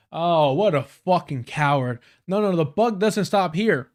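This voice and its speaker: A man's voice: fairly high pitch, expressive, a little slow, hardly any pauses, darkish tone. A man giving profane, sarcastic political commentary on a livestream, reading news passages aloud and breaking into angry rants.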